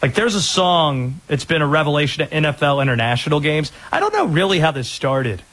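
A man with a fairly high voice talks in a loose, joking way. He co-hosts a casual conversation and slips into quick impressions. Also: husky. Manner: animated, jokey, does quick impressions. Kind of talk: casual chat.

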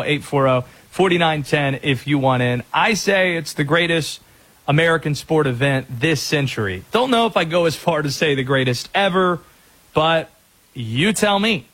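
A man's voice: on the high side, a bit bright, slightly rough. A man hosting a call-in sports radio show, upbeat and joking with callers. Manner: upbeat, joking, quick asides.

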